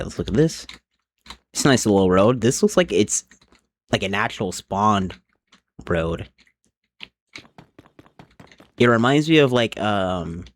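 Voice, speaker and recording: A young man with a fairly low voice, talking through a live game stream in a casual, rambling way. He thinks aloud as he builds. Keyboard typing can be heard in the background. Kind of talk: casual live-stream chat while gaming.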